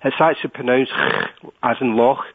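A man with a Scottish accent, a guest on an interview, explaining at length and pausing often with filler words. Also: medium pitch, steady tone. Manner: hesitant, many filler words. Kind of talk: interview over the phone. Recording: tinny phone line.

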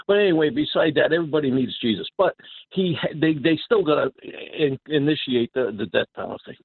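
A man's voice: on the high side, animated, brisk, gravelly, breathy edge, dry recording. A man calling in to a radio show, emphatic and repetitive with stumbling restarts. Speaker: caller. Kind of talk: phone-in call. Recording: tinny phone line.

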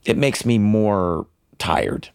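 A man's voice: on the low side, lively intonation, takes it slowly, vocal fry, a little mellow, clear, resonant tone, no echo, studio quality. A man co-hosting a podcast, confidently explaining his pet theories in casual chat. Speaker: podcast co-host.

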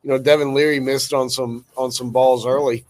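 Halting man breaking down a football game. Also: medium pitch, level tone, darkish tone. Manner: halting, filler-heavy. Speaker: podcast co-host. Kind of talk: casual sports analysis.

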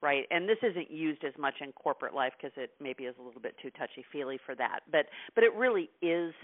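Chatty interview host over a phone line. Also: male voice, on the high side, animated, fast. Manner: chatty, peppered with "you know". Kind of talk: conversational interview.

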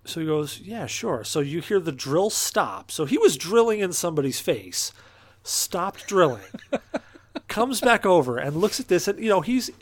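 A man co-hosting a podcast, telling a profane, animated anecdote in casual chat and acting out the other people in it. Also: sits high, a little slow. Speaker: podcast co-host.

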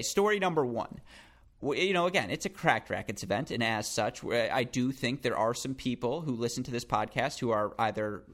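Excitable rambling male podcast host. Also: mid-range voice. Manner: excitable, animated, rambling with quoted voices. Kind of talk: casual podcast chat and storytelling.

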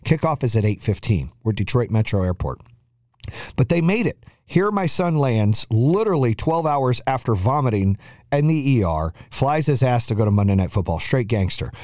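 A middle-aged man hosting a podcast, telling a family story in a casual, animated, profane way and acting out the voices of the people in it. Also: mid-range voice, normal speed, no echo, clean studio sound. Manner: animated, profane, quotes himself and others. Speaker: podcast host.

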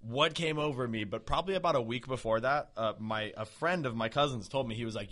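A young man telling a story in a blunt, profane, animated way during casual podcast chat. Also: medium pitch, brisk.

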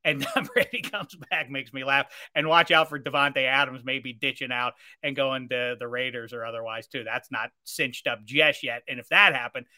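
A man's voice: medium pitch, fairly even intonation, moderate pace, few pauses, bright, forceful tone, no echo, studio quality. A man co-hosting a sports podcast, musing over players with wry asides. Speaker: podcast co-host. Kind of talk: casual sports chat.

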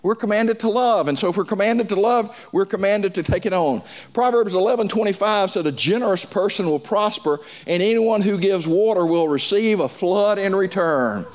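A man's voice: high voice, moderate pace. A male pastor preaching a sermon to his congregation, repeating phrases and calling for responses.

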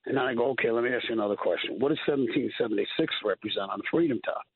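A firefighter, calling in and telling stories earnestly, getting choked up and repeating himself. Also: male voice, mid-range voice, rapid-fire, breathy edge, no echo. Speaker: firefighter guest. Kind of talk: emotional call-in storytelling. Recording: tinny phone line.

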